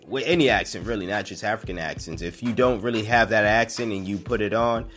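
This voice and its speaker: A man's voice: lowish voice, a little fast, fairly bright tone, faint music behind. A young man hosting a podcast alone, giving casual, opinionated commentary that rambles with fillers and restarts. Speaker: podcast host.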